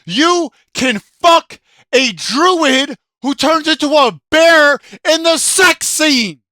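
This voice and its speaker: A video game commentator in an angry, profane rant, yelling often, with a throat sore from shouting. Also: sits high, lively intonation, slow pace, no room sound, clean studio sound.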